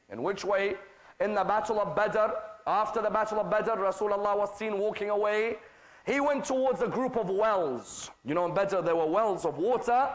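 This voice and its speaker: A man's voice: sits high, rough recording. A man with a British accent giving a religious lecture, telling stories and acting out their dialogue, often asking the audience rhetorical questions. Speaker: Islamic lecturer.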